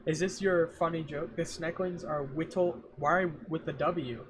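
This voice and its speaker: A young man talks on a livestream in a loose, rambling way, cracking jokes and talking to himself and his chat. His voice sits a little higher than most men's. A fan hums faintly behind his home mic. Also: steady tone, unhurried, noisy background. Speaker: streamer. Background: fan running.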